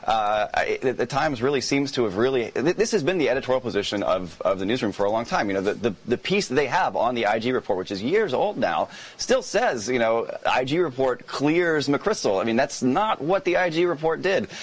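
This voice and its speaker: A man, a journalist guest in a news interview, talking quickly with many restarts and repeated words. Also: medium pitch, animated.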